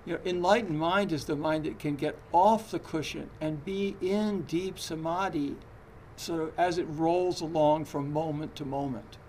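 A man's voice: on the high side, normal speed, darkish tone, a little hiss or hum. A man giving a Zen dharma talk in a conversational, hesitant way, with frequent fillers and restarts. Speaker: Zen teacher.

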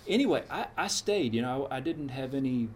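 A man's voice: medium pitch, lively intonation, fairly quick, noisy background. A man in his sixties telling a frank personal story in a casual, meandering, reflective way. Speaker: storyteller recounting his path to meditation.

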